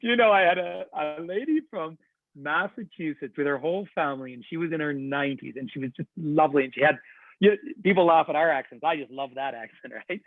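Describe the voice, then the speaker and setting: A man's voice: fairly high pitch, fairly quick, dry recording. Man, tour director, chatty and enthusiastic, tinny phone-like sound, dry. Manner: chatty, enthusiastic storytelling with laughs. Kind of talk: webinar presentation.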